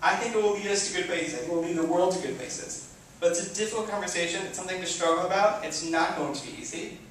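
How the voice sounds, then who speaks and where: A man's voice: high voice, fast talker, distant mic, slight background noise. Echoey young man speaking to a hall. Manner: chatty and self-deprecating, often restarting, rising to animated outbursts. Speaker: rabbi giving opening remarks. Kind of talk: personal talk to an audience. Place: event hall before a live audience.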